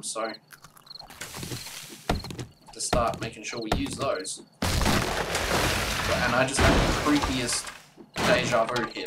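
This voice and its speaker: A man talks through a live gameplay stream in a loose, rambling way, breaking into sudden excited outbursts. He sits well back from the microphone. A loud hiss of background noise runs under everything he says. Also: mid-range voice, distant mic. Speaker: let's play streamer.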